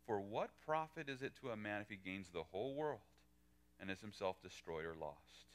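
Animated man preaching a sermon. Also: normal speed. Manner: animated, acts out quoted lines with pitch jumps. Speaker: pastor. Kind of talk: verse-by-verse sermon.

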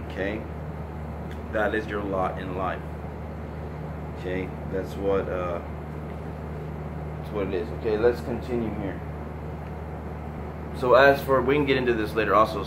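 Earnest low-voiced man in echoey room. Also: noisy background. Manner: rambling, earnest, many restarts and "okay?". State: emotional, near tears. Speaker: online religious talk host. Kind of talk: informal scripture talk.

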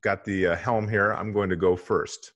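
A man co-hosting an interview show, running a quick question round with jokes and frequent laughter. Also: deep voice, fairly even intonation, a bit bright. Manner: joking, laughs often. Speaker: podcast co-host. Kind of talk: casual interview chat.

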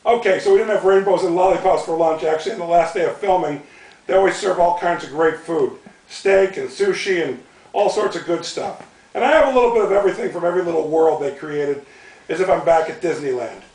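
A man's voice: on the high side, brisk, darkish tone. Laughing man reading his book aloud. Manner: amused, breaking into laughter while reading. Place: bookstore in front of a live audience. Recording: roomy, from a distance.

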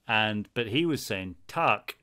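A man in his thirties, a podcast co-host, telling a relaxed and amused anecdote in casual chat. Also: medium pitch, moderate pace.

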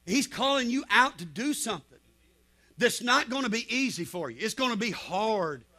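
A man's voice: sits high, lively intonation, normal speed, pushed and bright. A man with a Southern US accent preaching a sermon as pastor, telling stories and punctuating with amens. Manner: preaching with frequent amens, storytelling.

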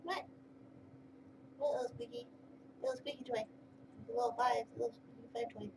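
A woman's voice: fairly high pitch, steady tone, normal speed, gravelly. Woman cooing baby talk, heard from afar. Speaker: kitten sitter. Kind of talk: casual talk to kittens. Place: indoor room with caged kittens. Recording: distant mic with noisy room.

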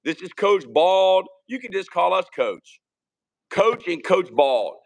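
A man from Virginia, co-hosting a casual podcast stream and rambling through shout-outs and jokes. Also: sits high, sing-song, slow. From Richmond, Virginia. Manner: rambling, shouting out viewers, joking. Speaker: podcast co-host. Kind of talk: casual live-stream chat.

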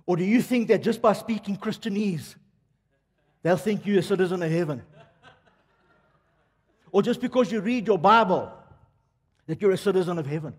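In a church hall with long reverb, an older man from South Africa delivers a sermon, addressing the congregation head-on with a stream of rhetorical questions. His high-pitched, slightly rough voice moves at normal speed and pauses often.

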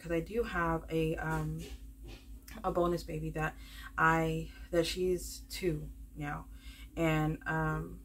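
A woman's voice: deep voice, vocal fry, a little hiss or hum. A woman vlogging in a casual, rambling way. She talks straight to her viewers, fills in with lots of ums and likes, and keeps calling them "y'all.". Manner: rambling, many fillers, calls viewers "y'all". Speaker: budgeting vlogger. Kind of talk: casual chatty vlog to viewers.

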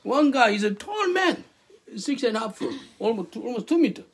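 Animated husky male preacher, high voice. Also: fairly quick. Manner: animated, questions the listeners, broken English. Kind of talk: interactive sermon.

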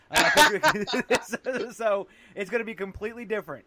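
A man's voice: high voice, normal speed, a loud crowd. A man hosting a podcast, bantering and laughing with his guest. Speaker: podcast host. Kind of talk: casual podcast interview.

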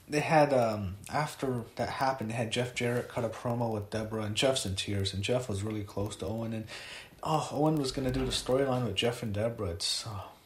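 A man giving a casual spoken review, retelling events haltingly with many fillers and restarts. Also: medium pitch, echoey room, a little hiss or hum.

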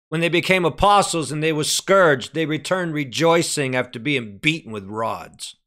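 A man preaching a sermon with fervor, dropping to hushed lines and rising to shouted peaks, often asking "Amen?". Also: normal speed, hardly any pauses. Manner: fervent preaching, swinging from hushed low lines to shouted climaxes; calls out "Amen?" to the congregation.

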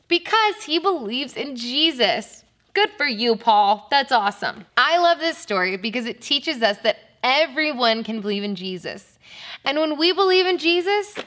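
A woman teaching a preschool Bible lesson, speaking to little children in an animated, sing-song way. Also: high voice.

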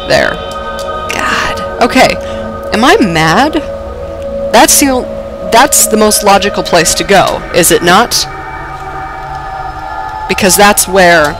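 A woman commenting on her gameplay, her voice lowered and rough from being sick with a dry cough; excitable, swearing and laughing at herself. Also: slow pace, long pauses, over music, low-quality recording. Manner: excitable, swears and laughs often, self-mocking. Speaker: let's play gamer.

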